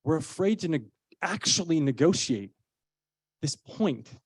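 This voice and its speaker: A man's voice: on the high side, big pitch swings, a little slow, husky, dry recording, clean studio sound. A man, an actor and parent of a young child, giving an earnest, persuasive public speech with conversational personal stories. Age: adult parent of a young child. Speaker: actor speaking as a child-safety advocate.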